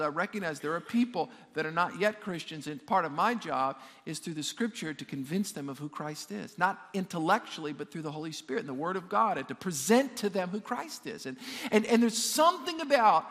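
A man's voice: high voice, fairly bright tone. A male pastor preaching a sermon to a live congregation. He stumbles and repeats words as he builds toward each point, and he calls out questions to the room. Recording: long hall reverb.

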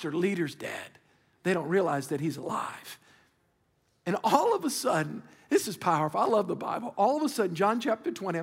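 High-voiced preaching pastor in a big hall. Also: male voice, breathy edge. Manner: animated, conversational preaching with call-and-response. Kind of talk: sermon. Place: large church auditorium.

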